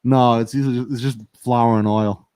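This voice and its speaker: A man's voice: mid-range voice, fairly even intonation, moderate pace, darkish tone, smooth, no echo. A man co-hosting a casual studio livestream, joking, laughing often and reading viewer comments aloud. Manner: joking, laughs often, mimics accents in quotes. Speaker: livestream co-host.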